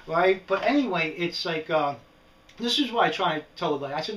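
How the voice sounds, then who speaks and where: A man's voice: high voice, brisk, recorded from a distance. A middle-aged man with a New York accent, ranting casually and rambling in a vlog, often tossing in "right?". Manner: animated, rambling, frequent "right?" asides. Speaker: prepping vlogger. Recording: echoey room, speaker away from the mic.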